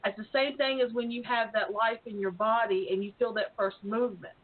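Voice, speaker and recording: A woman who teaches paganism, speaking casually and haltingly, often repeating her words. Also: fairly high pitch, steady tone. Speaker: high priestess and pagan teacher. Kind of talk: casual podcast conversation. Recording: tinny phone-like line.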